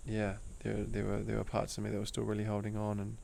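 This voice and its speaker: Low gravelly man, laid-back. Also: completely flat delivery, quick pace, slight background noise. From Australia. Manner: laid-back slang, calls the host bro; earnest and emotional, drifts into soft hushed tones. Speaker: guest, breathwork teacher. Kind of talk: casual personal storytelling.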